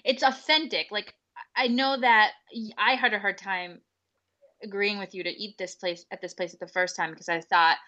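A woman's voice: mid-range voice, steady tone, moderate pace, bright, forceful tone, muffled recording. A woman co-hosting a podcast, chatting and teasing her co-host, often laughing. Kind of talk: casual chat.

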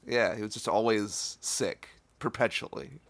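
A man's voice: on the low side, unhurried, vocal fry, fairly bright tone, no room sound. A man co-hosting a casual podcast, teasing and joking while recovering from an illness. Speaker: podcast co-host. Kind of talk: casual chat.

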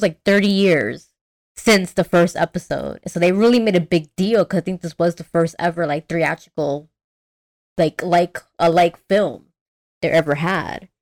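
A woman's voice: fairly low pitch, moderate pace. A young woman chatting casually as a podcast co-host, rambling with lots of fillers and restarts. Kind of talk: casual chat.

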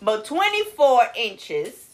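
Animated woman, high voice. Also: slow pace. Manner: mixes Spanish words into English, laughs often, crude joking. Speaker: podcast co-host. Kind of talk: casual chat.

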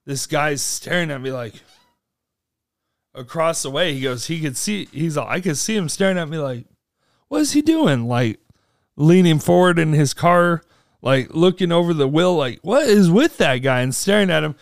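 Animated storytelling man, dry close sound. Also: gravelly, no echo. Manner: animated, acts out quotes with big pitch jumps. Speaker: podcast co-host. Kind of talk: casual storytelling chat.

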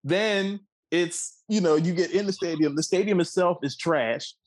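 A man's voice: high-pitched, measured pace, poor audio. A man in his twenties from the Washington, D.C. area, co-hosting a sports talk show with a heated, profane, emphatic rant. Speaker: co-host.

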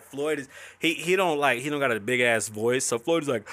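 A man's voice: fairly high pitch, brisk, fairly bright tone, dry recording. A man hosting a podcast, ranting casually with lots of swearing and jumping from topic to topic. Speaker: podcast host. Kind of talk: casual profane podcast rant.

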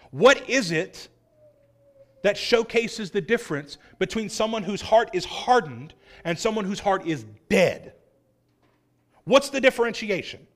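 High-pitched man preaching a sermon. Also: fairly bright tone. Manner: earnest, acts out quoted voices, rising emphasis.

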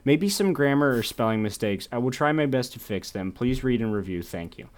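A man's voice: medium pitch, expressive, a little fast. A man co-hosting a casual podcast, reading fan fiction aloud with laughing, overblown drama and joking asides. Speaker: podcast co-host.

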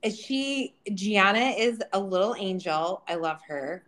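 A woman's voice: medium pitch, measured pace. A woman co-hosting a podcast, telling a story in casual chat, acting out quotes and laughing. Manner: animated, acts out quotes, laughs. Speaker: podcast co-host. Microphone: remote video call.

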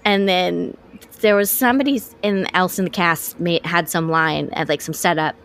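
A woman's voice: lowish voice, steady tone, moderate pace, fairly bright tone, clean tone. A woman co-hosting a podcast, talking in a casual, eager way with lots of restarts and fillers. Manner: enthusiastic, rambling with restarts and fillers. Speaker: podcast co-host. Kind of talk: casual chat.

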